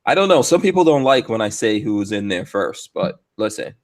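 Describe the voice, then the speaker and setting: A man hosting a live podcast, talking in a jokey, lively way and laughing often. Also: lowish voice, brisk. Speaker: podcast host. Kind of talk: casual live-stream podcast chat.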